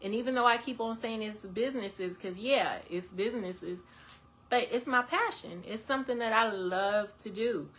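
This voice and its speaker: A woman's voice: fairly high pitch, moderate pace. A woman who works as an independent travel agent, chatting on a live stream to her viewers with lots of laughter. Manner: animated, laughs often, talks straight to viewers. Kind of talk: casual live-stream chat. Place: indoors under a ring light.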